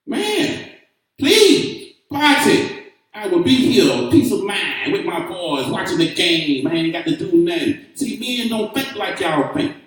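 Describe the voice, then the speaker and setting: A man's voice: high-pitched, expressive, moderate pace, few pauses, recorded from a distance. A man co-hosting a talk show, arguing in an emphatic, preachy, slangy way in a heated casual debate. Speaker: radio talk show co-host. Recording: echoey, off-mic room sound.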